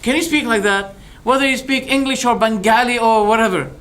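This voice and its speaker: A man giving a religious lecture as a preacher, animated and rhetorical, firing off questions and acting out exchanges. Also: very high voice, brisk. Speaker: Islamic preacher.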